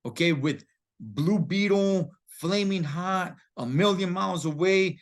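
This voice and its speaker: A man's voice: fairly high pitch, unhurried. A man giving a casual, slangy movie review that turns into an emphatic pep talk.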